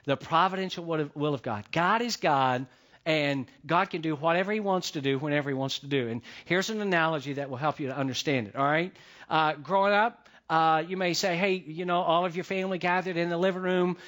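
High-voiced pastor preaching conversationally. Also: male voice, brisk, fairly bright tone. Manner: conversational, repetitive, engages congregation directly. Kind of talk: sermon.

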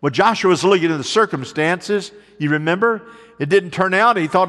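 A man preaching a sermon, telling folksy stories and slowing down to drive points home. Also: high voice, expressive, a bit bright, long reverb tail. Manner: folksy storytelling preacher, slows for emphasis. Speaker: pastor.

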